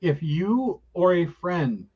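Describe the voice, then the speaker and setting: A man's voice: sits high, big pitch swings, slow pace, slightly rough, lo-fi sound. A man co-hosting a livestream, chiming in casually with friendly asides and hesitant fillers. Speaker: co-host on a publisher's stream.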